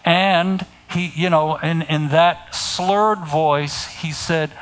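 A middle-aged man preaching a sermon, speaking deliberately and pointing his listeners to scripture. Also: a little high, fairly even intonation, a bit bright, poor audio.

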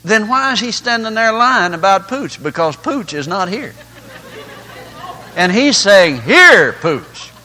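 A man preaching, his fairly high voice swinging widely in pitch. He tells folksy stories and plays out the people in them. His tone is bright and forceful. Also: animated, a little slow, a faint crowd, a little hiss or hum, low-quality recording. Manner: folksy storytelling with acted-out voices. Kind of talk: sermon.

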